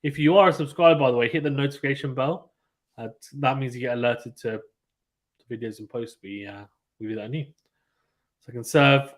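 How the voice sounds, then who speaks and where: A man calling a match live on a stream in casual play-by-play, getting excited and reading out viewer chat. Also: mid-range voice, brisk.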